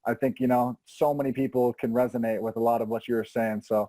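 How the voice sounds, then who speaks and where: A man's voice: mid-range voice, flat delivery, fast, mellow, dry recording, rough recording. A man hosting, giving an upbeat promotional wrap-up to close the show. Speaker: host. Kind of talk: show sign-off.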